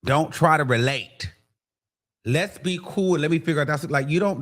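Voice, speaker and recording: A man hosting a livestream, talking bluntly and animatedly to his viewers in casual commentary, sometimes mimicking others. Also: moderate pace. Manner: blunt and animated, mimics people in higher voices. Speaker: livestream host.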